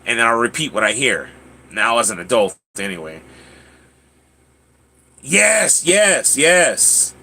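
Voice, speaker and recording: A man's voice: lowish voice, fairly quick, pushed and bright, breathy edge. A man hosting a livestream, chatting casually with viewers, often stammering and repeating words. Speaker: livestream host. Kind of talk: casual chat reading viewer comments.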